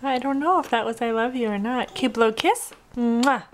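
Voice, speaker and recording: A woman talking baby talk to a toddler, coaxing in a slow sing-song voice and imitating animal sounds. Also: fairly high pitch, slight background noise.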